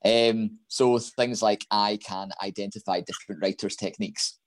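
A Scottish man, a primary school teacher, talking as a guest in a podcast interview, friendly and quick to laugh, with many ums as he explains. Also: on the low side, fairly even intonation. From Scotland.

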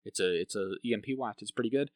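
A man's voice: lowish voice, fast talker, no room sound, studio quality. A man co-hosting a podcast, chatting casually about films, rambling with lots of "like" and tag questions. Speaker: podcast co-host. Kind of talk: casual film review chat.

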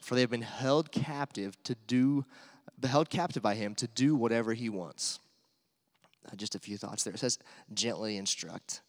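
A man delivers a sermon in an easygoing, chatty manner, reading scripture between stories. His voice sits at an ordinary pitch for a man. A long reverb tail hangs on his words, as in a large hall. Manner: conversational, filler-heavy preaching with scripture readings. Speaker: pastor.

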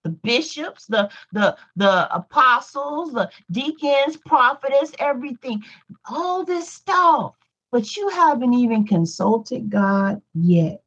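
A woman's voice: a little high, a little slow, husky, dull audio. A woman teaching a Bible study in a pleading preaching style, repeating lines for emphasis. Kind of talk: preaching sermon.

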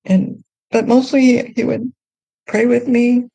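A woman telling her faith testimony in a podcast conversation, earnest and emotional, often halting and restarting. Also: on the high side, level tone, vocal fry, warm tone, no room sound. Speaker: guest sharing her testimony.

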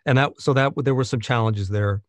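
A man's voice: medium pitch, fairly quick, dry recording. A man who narrates audiobooks, talking through his craft in a conversational interview, thoughtful and full of restarts and fillers.

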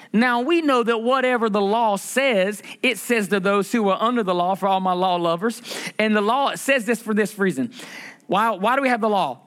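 A male pastor preaching a sermon, calling out questions to the congregation and repeating phrases, slowing down and rising in pitch to stress scripture. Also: a bit bright. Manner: preaching with call-and-response questions and repetition; slows and rises in pitch for emphasis when reading scripture.

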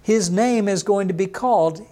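A pastor with a fairly high voice, teaching an online sermon. He talks slowly through each word, spells it out, and answers questions he puts in a listener's mouth. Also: mellow.

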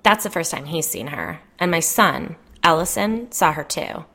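Jen is a frazzled, gossipy suburban mom, put on by a female storyteller, her voice pitched up a little and pushed louder than the narration. She complains in an agitated rush, swears freely and leans on "like" for an audiobook-style story. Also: animated, normal speed, vocal fry, heavily acted. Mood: rattled. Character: stressed, gossipy suburban mother, adult woman.

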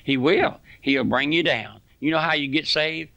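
A man's voice: mid-range voice, normal speed, vocal fry, hardly any pauses, a bit bright, no echo. A man preaching a fiery radio sermon, impassioned and folksy, full of homespun sayings.

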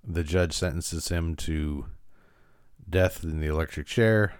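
A podcast host with a deep, smooth voice speaks slowly as he casually recaps an episode. He uses frequent fillers and often restarts his sentences. The sound is clean studio audio with no room sound.

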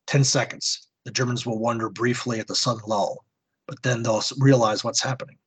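A man's voice: mid-range voice, fairly even intonation, brisk, husky, poor audio. A man hosting a podcast, reading a war comic with theatrical narration and then giving a history segment. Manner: theatrical narration in second person. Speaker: podcast host.

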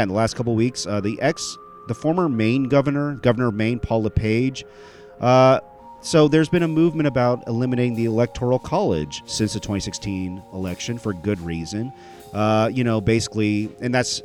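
A man's voice: fairly low pitch, darkish tone. A man hosting a podcast, talking casually in a rambling way with many fillers and restarts. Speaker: podcast host. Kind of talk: casual solo podcast intro.

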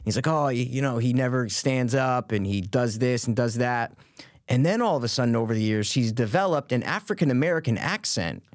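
A man co-hosting a podcast in casual chat, ranting in an animated way, swearing and often tagging his points with "right?" and "I'm just saying". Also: mid-range voice, fairly quick, no room sound, clean studio sound. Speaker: podcast co-host.

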